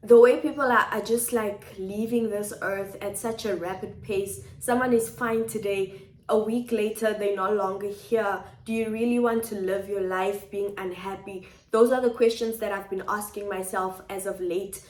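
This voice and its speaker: In an echoey home kitchen, a South African woman records a personal vlog, musing to viewers and repeating phrases as she thinks things over. Her mid-range voice stays steady at a normal speed.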